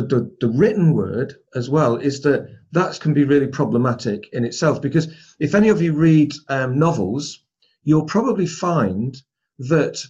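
A man's voice: mid-range voice, darkish tone, slightly rough. A man leading a training course, talking conversationally and addressing the group directly in a training room. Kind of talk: spoken training lesson. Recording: dull lo-fi recording.

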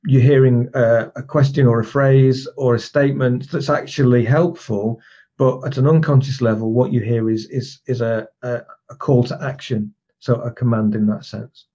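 A man's voice: medium pitch, fairly even intonation, moderate pace, mellow, dull audio. A man teaching a recorded lesson as a trainer, explaining techniques step by step with demonstration phrases and frequent restarts.

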